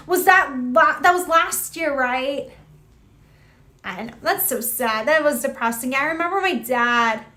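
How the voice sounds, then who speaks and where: A woman's voice: high voice, a little slow, bright, forceful tone. A young woman hosting a live stream, chatting casually, greeting viewers by name and reacting with lots of exclamations. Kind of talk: casual chat reading viewer comments.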